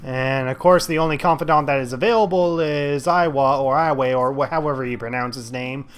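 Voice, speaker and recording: A man's voice: mid-range voice, brisk, smooth, faint music behind. A man giving casual gameplay commentary as a let's play host, sarcastic and thinking aloud with lots of fillers.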